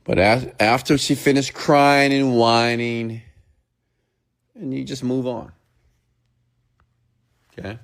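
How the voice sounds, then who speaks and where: A man giving a blunt, lecturing motivational monologue, sometimes dropping to a hushed near-whisper. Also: mid-range voice, fairly even intonation, slow, long pauses. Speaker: motivational speaker.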